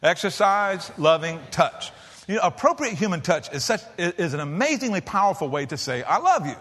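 A middle-aged man preaching a sermon to a large church, folksy and lively, swinging between loud emphasis and soft hushed lines. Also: high-pitched, fast, slightly rough. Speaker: pastor.

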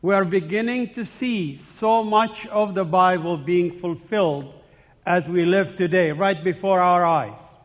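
A man's voice: high-pitched, a little slow. A man from the Middle East speaking as guest preacher in a church, earnest and personal, telling stories and chuckling between points. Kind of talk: sermon with anecdotes. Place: church sanctuary. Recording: long church hall reverb.

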